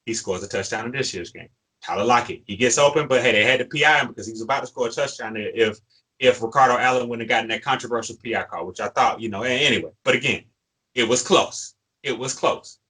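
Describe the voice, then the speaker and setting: A man's voice: medium pitch, fast, pushed and bright, husky, low-quality recording. A man co-hosting a sports fan show, ranting emphatically and repeating his points, worked up and frustrated. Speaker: sports podcast co-host. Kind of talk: fired-up fan commentary.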